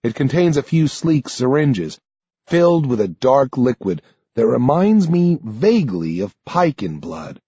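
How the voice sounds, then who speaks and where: A man reading an audiobook aloud in a measured, expressive first-person narration. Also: medium pitch, husky, no echo. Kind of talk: scripted narration. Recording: dull lo-fi dry studio recording.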